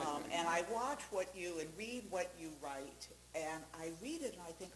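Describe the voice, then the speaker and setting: A woman, a congregation co-president, presenting a gift with a joking, halting speech full of fillers. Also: lowish voice, lively intonation. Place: synagogue sanctuary. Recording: echoey room with faint hum.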